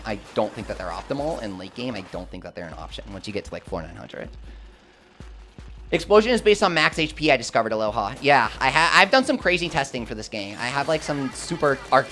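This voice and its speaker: A young man commentating live gameplay and chatting with his viewers, swinging between hype and quick explanations. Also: mid-range voice. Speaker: gaming streamer.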